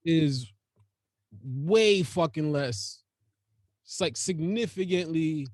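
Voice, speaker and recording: Man, podcast host, high voice, profane slang, laughing, dry close sound. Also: lively intonation, slow pace, a little mellow, no room sound. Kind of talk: casual podcast chat.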